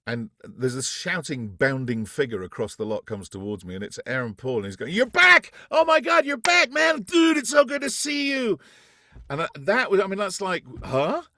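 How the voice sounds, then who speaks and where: A man from France, a guest actor, telling animated stories in an interview, acting out quotes with restarts along the way. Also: medium pitch, no echo, clean studio sound. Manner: animated anecdotes, acts out quotes, frequent restarts. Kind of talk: casual interview storytelling.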